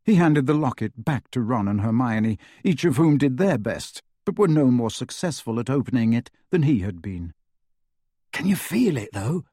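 A man reads an audiobook in a steady, measured way at a middle pitch. His voice has a slightly husky edge. The recording is dry and close. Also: no room sound. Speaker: audiobook narrator. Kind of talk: scripted narration.

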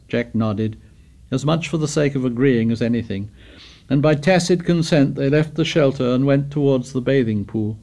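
A man narrating a novel as an audiobook, in a measured, steady literary reading. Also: medium pitch, creaky. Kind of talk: scripted narration.

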